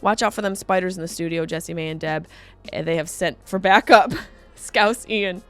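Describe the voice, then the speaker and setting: A woman comedian hosting her podcast, talking casually and jumping into high, loud exclaims. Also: normal speed, soft background music. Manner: animated, jumps into high exclaims.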